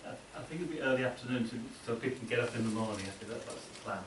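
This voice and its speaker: A man presenting a seminar to an academic audience, talking informally and haltingly, often repeating words mid-sentence. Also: medium pitch. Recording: echoey room, distant mic, faint hiss.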